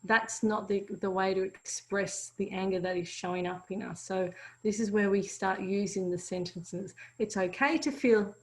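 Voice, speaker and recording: A woman's voice: medium pitch, level tone, normal speed, low-quality recording. A woman co-teaching a parenting course, sharing stories from home and laughing between points.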